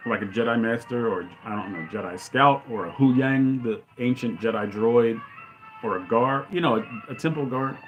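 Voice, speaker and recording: A man giving opinionated, ranting fan commentary as a channel host, with loud outbursts. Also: medium pitch, normal speed, soft background music. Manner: ranting, exclaims loudly.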